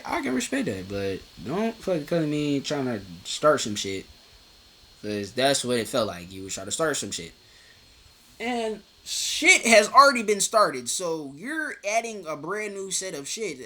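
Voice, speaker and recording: A man's voice: mid-range voice, a bit bright. A young man ranting casually to camera about a breakup, swearing a lot, stammering and restarting, moving between joking and almost crying. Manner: swears a lot, jumps between laughing and near tears. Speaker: vlogger.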